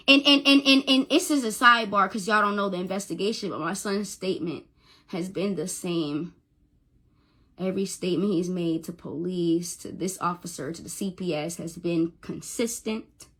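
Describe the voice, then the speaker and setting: A young woman talks into her phone on a livestream, her voice bright and sharp and sitting a little high. She stumbles and repeats words, swearing as she pushes through an emotional monologue. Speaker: social media livestreamer.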